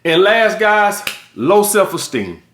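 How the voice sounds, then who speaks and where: A high-voiced middle-aged man talks straight to his viewers in a blunt, profane monologue, hammering his points home. His voice bounces around an echoey room. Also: big pitch swings, takes it slowly, a bit bright, a little hiss or hum. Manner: profane, emphatic, lecturing. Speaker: vlog host.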